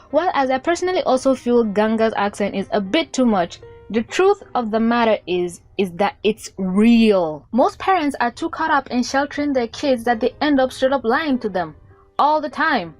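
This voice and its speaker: A woman giving sarcastic, casual commentary for her video, swearing freely. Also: on the high side. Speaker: YouTube commentator.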